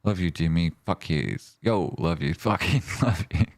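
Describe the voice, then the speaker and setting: Laughing, swearing man chatting with viewers. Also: normal speed. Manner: swearing, joking, laughing, swings between gruff and high excited. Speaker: livestream host. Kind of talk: casual live-stream chat with viewers.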